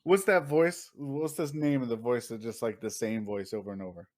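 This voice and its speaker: A man's voice: medium pitch, moderate pace, a little mellow. A man co-hosting a casual podcast, telling a story with lots of swearing and acting out what other people said. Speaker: podcast co-host. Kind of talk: casual chat.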